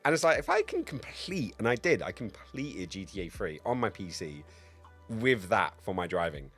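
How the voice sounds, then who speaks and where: A man's voice: lowish voice, huge pitch swings, normal speed, a bit bright, husky, soft background music. A man in his thirties chatting casually on a game livestream, rambling, crude and joking. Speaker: game streamer.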